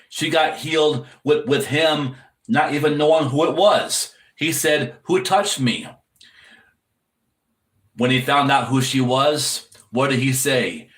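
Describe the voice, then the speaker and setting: A man's voice: medium pitch, a bit bright, echoey room. A man preaching an earnest sermon-style encouragement straight to the viewer, repeating his points to drive them home. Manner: earnest, repetitive exhortation addressed to the viewer.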